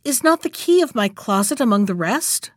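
A cruel nobleman from a storybook, cold and commanding, as a woman reads him aloud. His lines come clipped and dry, with a fairly high voice and no room around it. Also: sing-song, moderate pace, no room sound. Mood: stern. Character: cruel stern nobleman, menacing husband.

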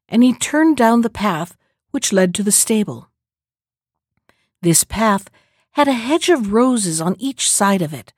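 A woman narrating a fairy tale in a measured, expressive storybook reading. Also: on the high side, no echo, studio quality.

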